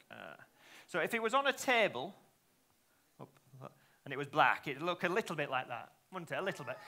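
Lively high-voiced kids' magician. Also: male voice, a little hiss or hum. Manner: playful, teasing, asks the audience lots of questions. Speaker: children's magician. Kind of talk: live kids' show patter. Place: live show in front of children.

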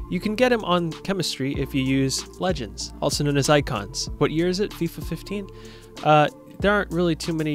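A young man giving casual, jokey commentary over a football video game, talking straight to his viewers. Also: a little high. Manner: jokey, excitable, talks to viewers. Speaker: gaming YouTuber.

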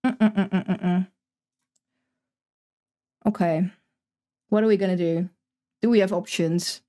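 A woman's voice: lowish voice, steady tone, slow pace, dark tone. A young woman streaming herself playing a game, chatting casually, thinking aloud and swearing freely. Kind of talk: casual live-stream commentary while gaming.

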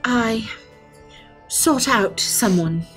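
A woman's voice: a little high, animated, extremely slow, a bit bright, faint music behind, full character voice. A woman voicing a distressed female centaur, once human, who stammers and apologizes as she speaks. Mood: anxious, halting.

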